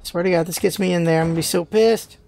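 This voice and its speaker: A man's voice: high voice, steady tone, fast talker, vocal fry, a little mellow, slight background noise. A man hosting a let's play, giving casual game commentary as he rants and swears in frustration.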